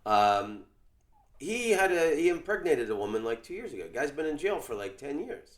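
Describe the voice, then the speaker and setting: A male comedian hosting a podcast, chatting casually in a rambling, halting way. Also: on the high side, very animated. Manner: rambling, halting, many fillers. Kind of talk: casual chat. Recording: echoey room.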